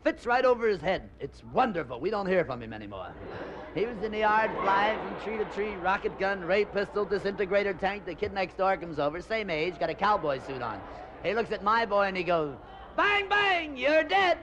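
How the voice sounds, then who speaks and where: A man doing a stand-up comedy routine, rambling through bawdy jokes and quick voice changes. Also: high-pitched, lively intonation. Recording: dull lo-fi old comedy record with faint hiss.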